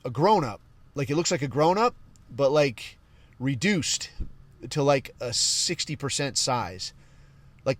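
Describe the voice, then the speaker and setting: A man's voice: a little high, no room sound. A man casually telling a war story on a podcast, swearing constantly and acting out the voices of the people in it. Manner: profane, animated, acts out quoted voices.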